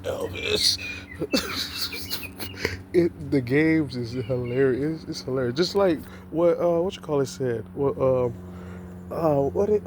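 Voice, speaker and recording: Heated guy ranting to camera, mellow dark voice, keeps restarting and repeating himself. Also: mid-range voice, slight background noise. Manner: heated, repetitive, stammers and restarts. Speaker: vlogger. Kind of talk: impassioned profane monologue.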